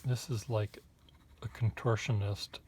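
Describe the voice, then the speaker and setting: A man's voice: fairly low pitch, steady tone, a little slow, darkish tone, slight background noise. A man chatting casually at his desk while drawing, rambling and hesitant, with wry asides to the viewer. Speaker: artist reviewing pens.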